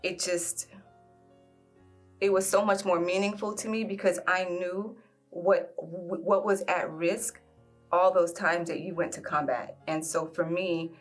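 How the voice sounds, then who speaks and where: Reflective woman, low voice. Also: fairly even intonation, soft background music. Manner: reflective, fills pauses with "um". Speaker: guest sharing a love story. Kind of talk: emotional personal storytelling.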